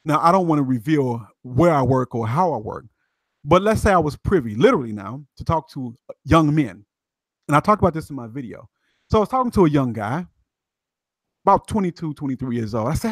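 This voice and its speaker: A man's voice: medium pitch, big pitch swings, fast, no room sound. A man from Chicago talking emphatically as a guest commentator, in casual street slang.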